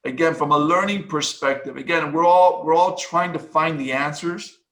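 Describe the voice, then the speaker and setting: A man's voice: a little high, moderate pace, fairly bright tone. A man coach hosting an online meetup, rambling and hesitant with many ums, on a video call. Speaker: agile coach and meetup host. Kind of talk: casual group chat.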